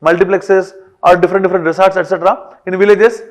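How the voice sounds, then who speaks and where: Male teacher with a high voice; lectures in a classroom, checking in with the class often. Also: steady tone, quick pace. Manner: frequent fillers and checks like "right or wrong?".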